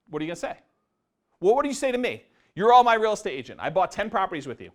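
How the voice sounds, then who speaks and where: A man's voice: high voice, very animated, racing, fairly bright tone. A man presenting a live seminar on real estate investing to an audience, often quizzing them with questions. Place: meeting room before a live audience.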